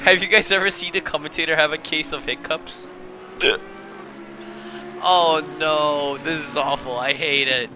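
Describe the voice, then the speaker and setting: A man's voice: on the high side, brisk, few pauses, noisy background. A young man commentating a sim race live while fighting a bout of hiccups, apologising and laughing at himself between calls. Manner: flustered, self-mocking, apologetic between calls.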